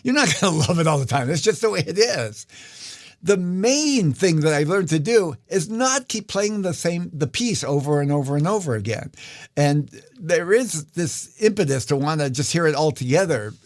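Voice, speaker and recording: A man leads a live online guitar lesson, walking viewers through the notation one step at a time. His delivery is unhurried and conversational, sprinkled with ums and restarts. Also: on the high side. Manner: relaxed, explanatory, many fillers. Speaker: guitar teacher.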